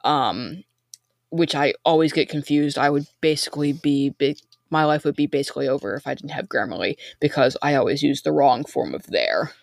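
A woman's voice: low voice, normal speed, vocal fry, no room sound, clean studio sound. A woman co-hosting a podcast, chatting casually and reading listener emails, hesitant and full of ums. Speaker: podcast co-host.

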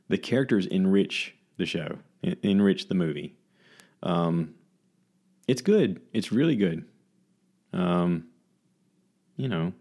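A man with a low, deep voice chats on his own to a camera mic. He rambles loosely, with plenty of fillers and restarts, like a casual vlog host reviewing films. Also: a little mellow. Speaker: vlogger host. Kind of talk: casual solo talk reviewing movies.

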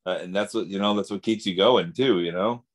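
A man in casual conversation as a paranormal investigator, easygoing and matter-of-fact, with quick affirmations. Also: fairly low pitch.

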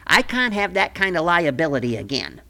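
A woman voicing a bossy, sharp-tongued small-town official in a comic radio play, with a folksy, scolding way of talking. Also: low-pitched, sing-song, measured pace, creaky, full character voice.

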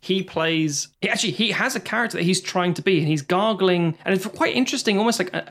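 A man from Britain co-hosting a casual film review podcast, swearing freely and briefly acting out characters in quick asides. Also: sits high, a bit bright. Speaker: podcast co-host.

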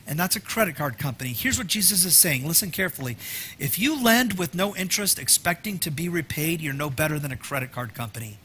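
Lively bright-voiced male preacher. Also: a little high, fast talker, a little hiss or hum. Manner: conversational, joking asides to the congregation; dynamic, swings between loud emphasis and soft near-whispers. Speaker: pastor. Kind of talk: sermon.

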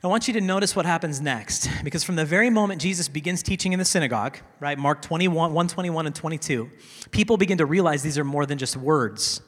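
Husky-voiced man preaching in a reverberant hall. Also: on the high side, fast, a bit bright. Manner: conversational teaching, often asking "right?". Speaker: teaching pastor. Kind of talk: sermon. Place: church hall with a congregation.

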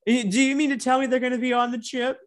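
A young man co-hosting a casual racing podcast, animated and profane, sometimes breaking into loud drawn-out shouts. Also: very high voice, background noise. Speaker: podcast co-host. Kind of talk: casual sports chat.

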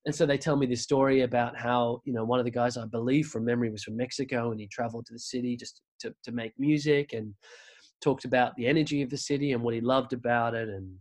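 Australian male guest, casual rambling storyteller, everyday mid-pitch voice. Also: fairly even intonation, fast, darkish tone. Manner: rambling, many restarts and fillers. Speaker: podcast guest.

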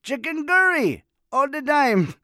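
A man's voice: extremely high pitch, sing-song, measured pace, sharp tone, no echo, clean studio sound, pitched above the performer's own voice, heavily acted. A man voicing an enthusiastic stranger in line with a heavy put-on accent. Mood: excited.

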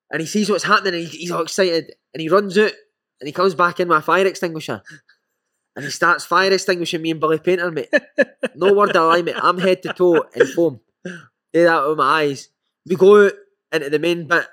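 A man with a Scottish accent, a former footballer and podcast guest, telling lively stories and calling the listener "mate". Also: a little high. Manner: animated anecdotes with frequent "mate". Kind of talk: casual storytelling.

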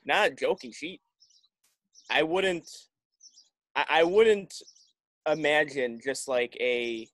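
As a podcast guest in casual chat, a man talks in a loose, rambling way, often restarting sentences and saying "like" a lot. His voice is fairly high and a bit bright, slow with long pauses, and there's no room sound.

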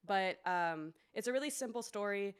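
Smooth-voiced woman teacher chatting. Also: mid-range voice, animated, normal speed. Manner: chatty, many fillers, acts out story voices. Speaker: preschool teacher and podcast co-host. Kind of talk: casual chat.

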